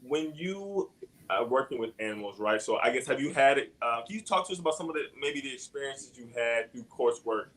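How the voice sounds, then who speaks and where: A man's voice: medium pitch, expressive, fairly quick, fairly bright tone, rough recording. A man hosting an interview show, asking questions in a hesitant, restarting way. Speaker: podcast host.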